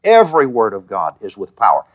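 A man's voice: fairly low pitch, huge pitch swings, fairly quick, lo-fi sound. Man teaching a Bible class. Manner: asks the class questions, acts out quoted lines.

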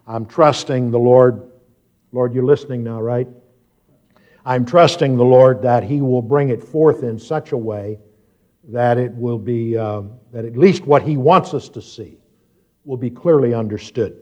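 A man preaching a sermon, moving from quiet, reflective explanation to loud, emphatic scripture reading and questions to his congregation. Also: medium pitch, measured pace. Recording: dull lo-fi sound.

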